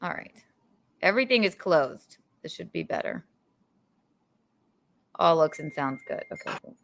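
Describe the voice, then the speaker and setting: A woman's voice: lowish voice, animated, measured pace, a bit bright. A young adult woman hosting a podcast, chatting casually and rambling with lots of giggles. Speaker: podcast host. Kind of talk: casual chat.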